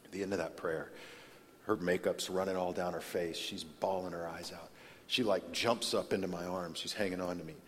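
A man preaching a sermon in a large church, telling stories in a conversational way and swinging from loud to hushed. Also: low-pitched, fairly even intonation, normal speed, slight background noise. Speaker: pastor. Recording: long reverb of a large hall.

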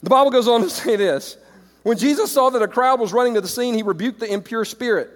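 A middle-aged man preaches to church leaders in an animated way, jumping from loud exclamations to quiet, reflective passages. His voice sits a little high for a man. The sound carries a long reverb, as in a large auditorium. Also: brisk. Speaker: pastor. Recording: reverberant hall.

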